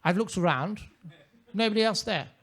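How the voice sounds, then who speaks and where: A man's voice: high voice, normal speed, a crowd in the background. A man performing a stand-up comedy set on a comedy club stage, in a pompous manner with ornate wording.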